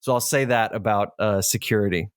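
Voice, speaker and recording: A man's voice: lowish voice, brisk, clean tone, dry recording, clean studio sound. A man co-hosting a podcast, telling a long anecdote in casual chat with frequent restarts. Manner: storytelling, rambling with restarts. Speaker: podcast co-host.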